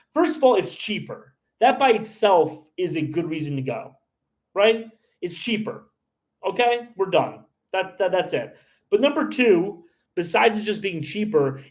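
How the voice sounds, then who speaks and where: A man hosting a livestream, answering viewer comments in a blunt, heated, ranting way. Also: high voice. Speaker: livestream host. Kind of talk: live stream chat answering viewers.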